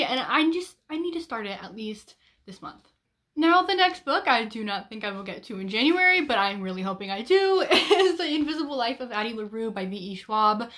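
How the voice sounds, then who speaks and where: A young woman talks excitedly to her viewers about the books she plans to read, with a fairly high voice. Her delivery is chatty and bubbly, full of little ums and restarts. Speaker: book vlogger. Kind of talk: casual chat.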